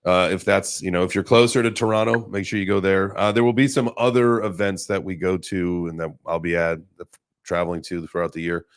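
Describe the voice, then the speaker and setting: A podcast host with a low, fairly even voice speaks briskly with a clean tone. In a casual chat, he tells stories in a rambling way, loaded with fillers.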